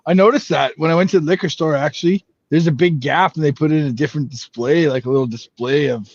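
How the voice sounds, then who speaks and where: A man's voice: a little high, fast talker, no echo. A man in casual chat, laid-back and swearing, often repeating his words. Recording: dull, dry lo-fi audio.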